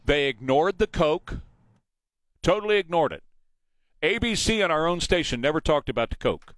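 Animated talk radio host. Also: male voice, a little high, dry recording. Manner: animated, mocking, opinionated.

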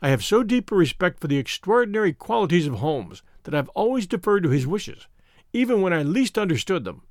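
A man narrating a story in an expressive, measured reading. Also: high-pitched, dry recording, studio quality. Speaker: audiobook narrator. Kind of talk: scripted narration.

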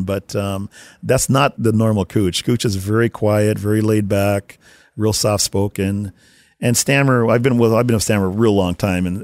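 A man telling casual stories about working in hockey, acting out shouted quotes as he goes. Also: fairly low pitch, dry recording. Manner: animated storyteller, acts out shouted quotes. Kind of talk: casual anecdotal storytelling.

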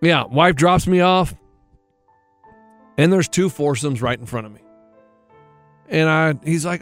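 High-voiced man telling a lively story. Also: unhurried, long pauses, soft background music. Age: middle-aged. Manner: animated storyteller acting out other people's lines. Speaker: radio show co-host. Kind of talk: casual storytelling chat.

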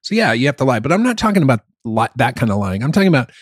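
A man's voice: mid-range voice, sing-song, rapid-fire, breathy edge, dry recording, clean studio sound. A middle-aged man, a gigging musician, talking candidly and profanely in a casual podcast chat, often mocking himself. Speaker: musician who plays gigs.

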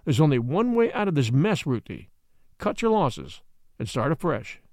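A man reading aloud and voicing a grim, blunt older millionaire father in a lowered voice. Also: sing-song, moderate pace, darkish tone, dry recording, studio quality.

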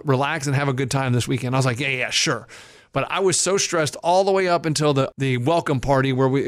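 A man's voice: a little high, no room sound, studio quality. A man co-hosting a podcast, telling a story in casual chat and acting out quoted voices. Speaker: podcast co-host.

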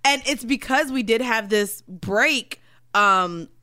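A woman's voice: fairly high pitch, takes it slowly, sharp tone, dry recording, studio quality. A woman co-hosting a podcast in casual chat, brash, slangy and profane, laughing often. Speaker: podcast co-host.

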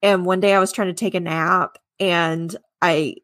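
A woman's voice: on the low side, steady tone, moderate pace, a bit bright, no echo, studio quality. A woman co-hosting a casual podcast, reading listener stories and chatting, laughing often and swearing casually. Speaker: podcast co-host.

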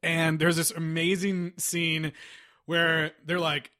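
Man, podcast host, casual movie chat, high voice, bright tone, laughs a lot. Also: slow pace. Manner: laughs often, lively retelling.

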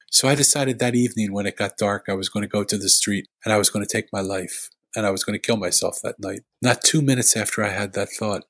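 A man's voice: on the low side, a bit bright, no echo. A man, a podcast guest, earnestly retelling a heartfelt story in conversation.

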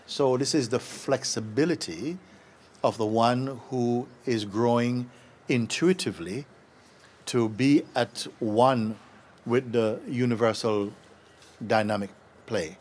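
A man teaching at a satsang, speaking gently and playfully and laughing as he tells a story. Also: mid-range voice, slow pace. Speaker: spiritual teacher.

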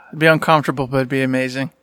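A man's voice: medium pitch, bright, forceful tone, clean tone, no room sound. A man co-hosting a podcast in casual chat, joking and laughing often. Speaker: podcast co-host.

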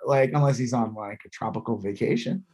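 A man's voice: medium pitch, brisk, darkish tone. Rambling, laughing podcast co-host, man. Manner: rambling, lots of fillers and laughs. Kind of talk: casual chat.

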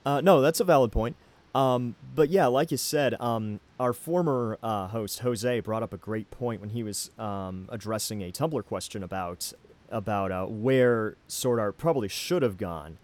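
A man's voice: lowish voice, unhurried, a little mellow. A man hosting a podcast, talking through his opinions casually with plenty of ums and restarts. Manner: rambling, many ums and restarts. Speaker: podcast host. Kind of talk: casual anime discussion.

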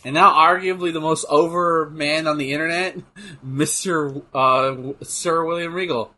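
A man co-hosting a casual chat while watching wrestling, excitable, swearing and trailing off into fillers. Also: on the high side, measured pace. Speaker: podcast co-host.

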